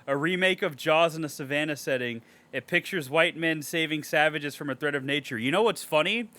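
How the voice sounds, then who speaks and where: A man's voice: on the high side, fairly even intonation, brisk, sharp tone. A man co-hosting a casual podcast movie review, reading a review aloud and ranting at it with sarcastic, profane outbursts. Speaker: podcast co-host.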